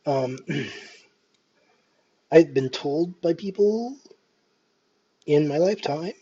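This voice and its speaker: Nervous, self-mocking man, husky voice. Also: fairly high pitch, animated, drawn-out words, dark tone. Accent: faint Scottish lilt. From Canada. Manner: self-deprecating, hesitant, full of restarts and ums. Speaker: vlogger. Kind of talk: casual nervous vlog monologue. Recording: dull lo-fi home recording.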